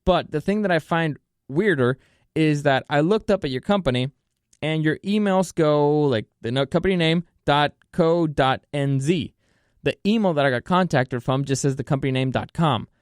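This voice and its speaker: A man with a fairly high voice rambles through a personal story, cursing freely and tripping over restarts. The sound is close and dry, with almost no room around it. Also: normal speed, clear, resonant tone, no echo. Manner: rambling and profane, with many restarts and fillers. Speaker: vlogger telling a personal story. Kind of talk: casual storytelling monologue. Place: California.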